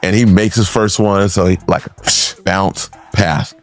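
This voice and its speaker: Deep-voiced man telling a story. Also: steady tone, unhurried. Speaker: former pro basketball player. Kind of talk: relaxed anecdote.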